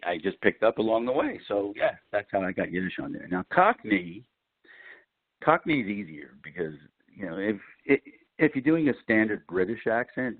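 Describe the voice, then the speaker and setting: A middle-aged man from Brooklyn, an actor telling lively stories as an interview guest. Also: no room sound. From Brooklyn, New York. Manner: animated storyteller, lively pitch jumps. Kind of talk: casual interview. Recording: dry, tinny phone-like line.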